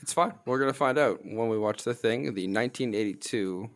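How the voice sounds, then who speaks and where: A man's voice: mid-range voice, brisk. A man hosting a podcast in casual chat, playfully wrapping up the episode. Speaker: podcast host.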